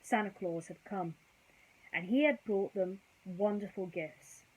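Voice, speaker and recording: A woman reading a bedtime story aloud, gentle and chatty, with casual asides to young listeners. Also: mid-range voice, a little slow, rough recording.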